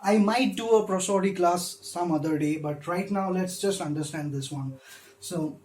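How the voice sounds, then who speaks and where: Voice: medium pitch, moderate pace, a little mellow. A lecturer explaining a poem's meter in an online lesson, hesitating often with ums and uhs and counting out the stresses. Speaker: literature lecturer. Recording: roomy echo.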